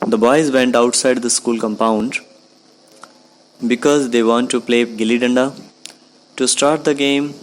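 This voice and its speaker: A man teaches a story chapter to his students. His voice sits in a middle pitch, and his delivery is plain and repetitive, with many restarts. Faint background noise and crickets sit behind him.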